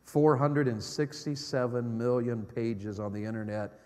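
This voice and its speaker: A middle-aged man preaching a sermon as an evangelist, swinging from loud exclamations to hushed low tones. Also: a little slow. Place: church sanctuary. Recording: long church hall reverb.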